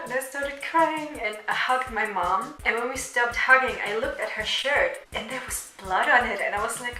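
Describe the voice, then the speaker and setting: A woman's voice: a little high, normal speed, hardly any pauses, sharp tone, reverberant, faint music behind, low-quality recording. A woman in her twenties telling a personal story in a casual vlog, chatty and laughing often between lines. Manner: chatty, laughs often, fillers like "you know". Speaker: vlogger.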